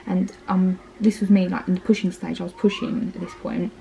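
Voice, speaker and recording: Her voice is fairly low, gravelly and warm, delivered flatly and fairly quickly, and the poor audio carries a little hiss or hum. She's a parenting vlogger in her thirties from Essex, England, with an Essex English accent, casually walking through her birth story, acting out quoted lines amid plenty of "like" and "um."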